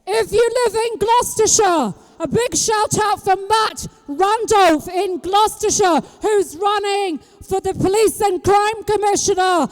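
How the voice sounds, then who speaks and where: A woman from Britain giving an impassioned street rally speech, throwing rhetorical questions at the crowd and breaking into shouts. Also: extremely high pitch, unhurried, hardly any pauses, big-room sound. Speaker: street activist speaking at a rally. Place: outdoor public square at a rally.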